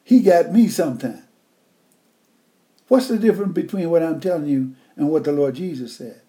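A man near eighty, preaching a folksy, emphatic sermon that swings between loud and hushed. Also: on the high side, normal speed. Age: older.

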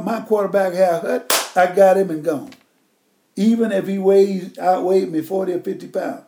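A man near eighty, preaching a folksy, emphatic sermon that swings between loud and hushed. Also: high voice, noisy background. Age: older.

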